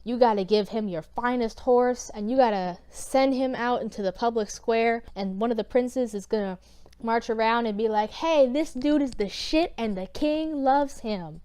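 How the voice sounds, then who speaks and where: A man's voice: extremely high pitch, steady tone, normal speed, darkish tone, clean tone. A woman voicing a vain, scheming royal adviser with a raised, smug voice. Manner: smug, then pleading and groveling.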